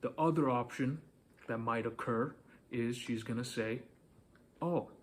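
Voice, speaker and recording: A man's voice: medium pitch, normal speed, a little hiss or hum. Man giving blunt dating advice. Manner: direct, coaching, checks in with "okay?". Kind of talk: casual advice monologue.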